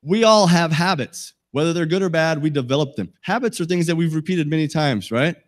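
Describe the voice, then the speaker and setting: A man's voice: fairly high pitch, a little fast. A middle-aged man giving a safety talk to a live audience, folksy and joking, asking the listeners questions. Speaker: safety presenter.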